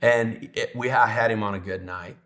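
A middle-aged man, a pastor, telling a personal story in a sermon, emotional and often dropping to a soft, hushed voice. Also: on the low side, fairly even intonation, moderate pace.

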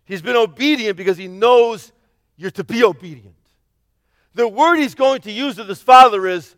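A man preaching a sermon, retelling a parable with dramatic swings from shouting to near-whispers and acting out the characters. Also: high voice, moderate pace, no echo, studio quality. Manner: acts out the parable's characters in his own voice.

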